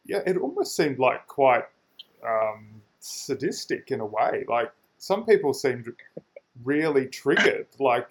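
A man co-hosting, speaking hesitantly with halting restarts in casual chat. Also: mid-range voice, sing-song.

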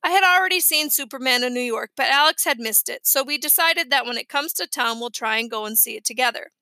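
Casting: woman narrator for a children's audiobook, high and bright, close dry mic. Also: quick pace, dry recording. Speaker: audiobook reader.

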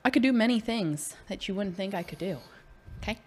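A young woman co-hosting a casual hot sauce tasting, chatty and quick to laugh. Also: medium pitch, expressive, husky. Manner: chatty, giggly. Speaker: co-host. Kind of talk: casual chat.

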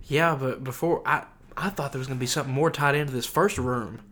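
A man's voice: medium pitch, fast, a bit bright. A man in casual chat, reacting to a friend's story with short, easygoing comments and frequent laughs. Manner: laid-back listener, short reactions, laughs often.

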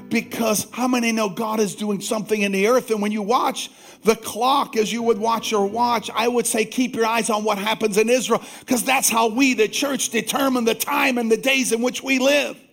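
A male pastor preaching a sermon, calling out to the congregation for responses and slowing down to stress scripture. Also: very high-pitched, gravelly, a bit bright. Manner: slows down to stress scripture lines.

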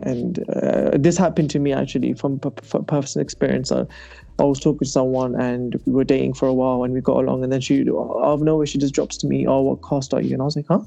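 A young podcast host casually tells a personal story with plenty of animation and laughter, in a relaxed chat. His mid-range voice is warm and creaky, level in tone, and quick in pace.

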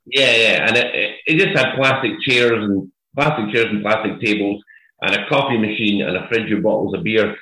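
A man's voice: on the low side, normal speed, sharp tone. A Scottish man in casual podcast chat, telling an anecdote with many hesitant fillers. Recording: roomy echo.

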